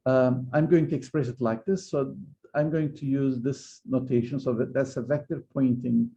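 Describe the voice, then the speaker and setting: A man lecturing on physics in a very dark, gravelly voice. He explains patiently, pausing often and restarting his sentences. The recording sounds a bit dull and lo-fi. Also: mid-range voice, steady tone. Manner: hesitant, many fillers and restarts while explaining. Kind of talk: university lecture.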